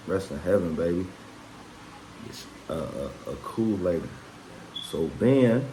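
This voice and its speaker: A man with a fairly low voice spins a loose personal story for his camera, swearing freely and tagging his sentences with filler phrases. He sounds relaxed and conversational, and he gets louder and more fired up as the story heats up. A faint hiss sits behind him. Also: low-quality recording. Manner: rambling and profane, with constant "man" and "you know what I'm saying"; gets louder and more worked up when telling of the fight. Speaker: vlogger.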